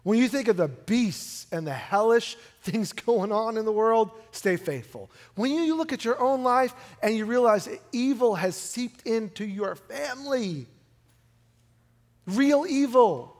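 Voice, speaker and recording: A pastor preaching a sermon in a casual, conversational way, swinging from loud emphatic lines to hushed ones. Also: male voice, very high-pitched, expressive, a little slow. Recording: long hall reverb with music behind.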